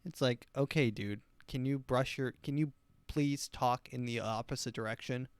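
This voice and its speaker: A man's voice: medium pitch, steady tone, moderate pace, clean tone, no echo. A man hosting his own podcast, rambling through a crude, self-amused comedic monologue. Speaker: podcast host.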